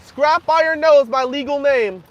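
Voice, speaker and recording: A young man hosting a casual livestream, joking crudely and half-yelling to be heard over loud background noise. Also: very high voice, unhurried, highs cut off. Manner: crude joking, frequent laughter. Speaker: livestream host. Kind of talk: casual livestream chat with viewers.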